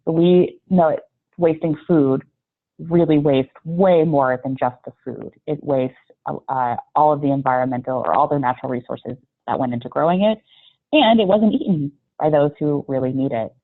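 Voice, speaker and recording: Low-voiced woman on a tinny call. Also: normal speed. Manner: friendly, chatty, with many fillers. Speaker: trainer. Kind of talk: online training presentation. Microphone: video call. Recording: tinny phone-like call audio.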